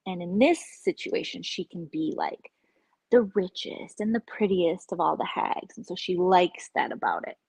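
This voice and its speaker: A woman's voice: lowish voice, moderate pace, darkish tone, breathy edge, no echo, rough recording. A woman hosting a casual live-stream chat, gossiping candidly and sometimes dropping to a whisper.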